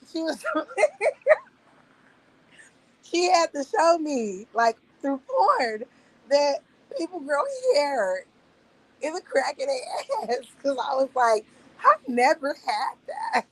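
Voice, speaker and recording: A woman in her thirties streaming, telling casual stories in a profane, laughing, animated way. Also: sits high, poor audio. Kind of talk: casual storytelling monologue. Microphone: streaming mic.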